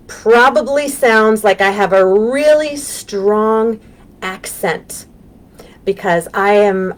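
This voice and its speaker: Lively American woman teaching little kids. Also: mid-range voice. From United States. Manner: gentle and encouraging, with frequent ums. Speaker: children's librarian. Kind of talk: live storytime lesson for young children. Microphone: webcam on a live stream.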